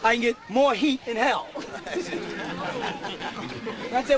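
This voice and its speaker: A middle-aged man preaching a sermon to a live audience, often shouting and laughing. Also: very high-pitched, slow, a crowd in the background, low-quality recording.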